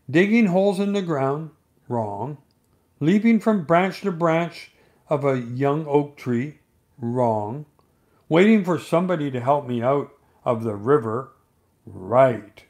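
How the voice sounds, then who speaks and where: A man voicing a gloomy, sarcastic old male donkey in a bedtime storybook reading, slow and dry. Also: medium pitch, expressive, darkish tone. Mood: gloomy sarcasm.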